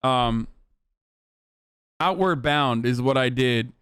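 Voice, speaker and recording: A man's voice: mid-range voice, slow, fairly bright tone, smooth, dry recording, studio quality. A man streaming live, reacting to a video with rambling, profane, emphatic commentary.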